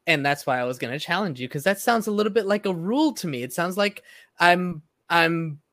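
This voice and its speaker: A man hosting a conversation, engaged and affirming, asking follow-up questions quickly. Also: a little high, fairly bright tone, no room sound, clean studio sound. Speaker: podcast host. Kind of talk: interview conversation.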